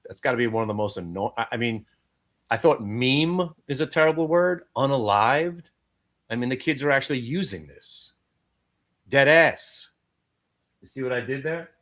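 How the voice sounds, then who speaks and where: Here the Brooklyn-born, middle-aged day-trading host speaks at normal speed with a medium-pitched, animated, slightly bright voice. He has a Brooklyn, New York accent, and his live stream is brash, profane and full of jokey asides.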